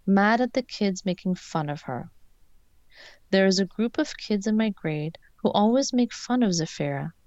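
Woman author, steady reading voice, gravelly and low, dry lo-fi recording. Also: no room sound. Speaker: author and interview guest. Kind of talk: reading her own story aloud, then answering questions. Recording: dull lo-fi sound.

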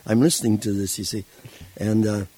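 A man being interviewed who tells his life story in a casual, animated way and acts out the voices in it. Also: lowish voice, fairly quick, slightly rough, no room sound, low-quality recording. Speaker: interview guest.

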